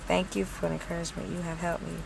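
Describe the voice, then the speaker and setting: A woman's voice: lowish voice, flat delivery, racing, creaky, slight background noise. A woman ministry leader chatting casually on a livestream from a parked car outside a mall, greeting viewers by name and blessing them.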